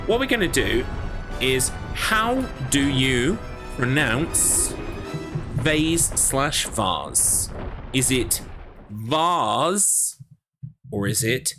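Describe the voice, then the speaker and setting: A man's voice: medium pitch, bright, forceful tone. Man commentating a game race. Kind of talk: casual livestream commentary.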